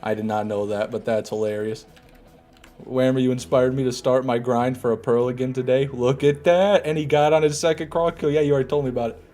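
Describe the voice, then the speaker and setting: This gaming streamer has a mid-range voice, talks a little fast, and has soft music behind him. He casually banters with his chat, relaxed and repetitive.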